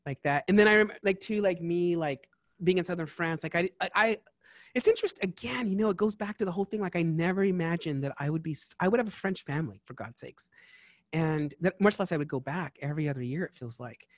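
A man's voice: high voice, fast talker, no room sound, clean studio sound. A man hosting a casual chat show who talks in a rambling, digressive way and slips into French. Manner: chatty and digressive, switching into French. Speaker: podcast host.

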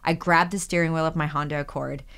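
A woman in her forties with a low voice tells stories from her acting career in a relaxed interview. She jumps into quoted voices as she goes and keeps the telling lively. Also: quick pace. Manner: animated anecdotes, acts out quoted voices. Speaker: actress, podcast guest. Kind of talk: casual storytelling interview.

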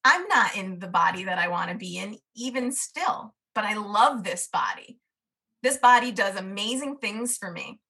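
A woman talks as a podcast guest in an easy, storytelling flow. Her voice is bright and clear-edged, earnest and lively, with plenty of casual "like" and "you know". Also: medium pitch, moderate pace.

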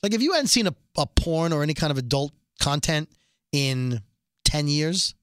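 A man co-hosting a casual podcast chat, recapping a TV episode with jokes and quick acted-out quotes. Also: on the high side, expressive, smooth, no echo, studio quality. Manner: jokey, acts out quotes in quick voices. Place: New York.

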